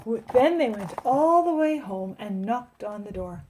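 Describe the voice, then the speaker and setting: A woman teacher reading a picture book aloud to children, with expressive storytelling. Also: on the high side, moderate pace, hardly any pauses.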